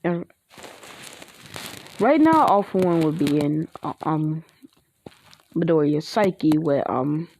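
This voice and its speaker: A woman improvises a fan-fiction story aloud, one event after another. Her voice sits fairly low and the telling is loose, full of restarts and fillers. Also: lively intonation, slow, long pauses, darkish tone, a little hiss or hum. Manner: rambling, many restarts and fillers. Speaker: online video creator.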